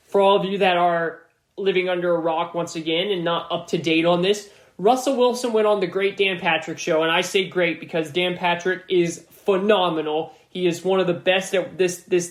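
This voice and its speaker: A man's voice: sits high, reverberant. A man hosting a sports podcast alone, giving emphatic commentary and often repeating himself for stress.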